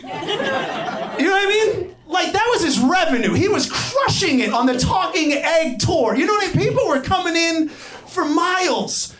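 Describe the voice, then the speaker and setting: A young adult man doing a stand-up comedy set, animated and incredulous, swearing freely. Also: very high voice, normal speed. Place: comedy club stage. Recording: roomy live club sound with crowd. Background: laughing audience.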